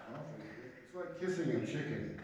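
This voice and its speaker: Joking comedian in an echoing hall. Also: male voice, mid-range voice, expressive, heavy background noise. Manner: joking, quick asides, teasing. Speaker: stand-up comedian. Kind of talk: live stand-up with crowd work. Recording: echoey venue, distant mic.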